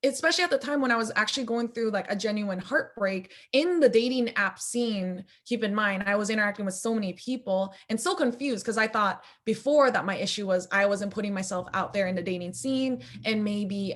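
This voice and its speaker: A young adult woman speaking as a filmmaker guest in a casual interview, chatty and animated, her voice gone squeaky from a lot of talking. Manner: chatty, animated, quick asides.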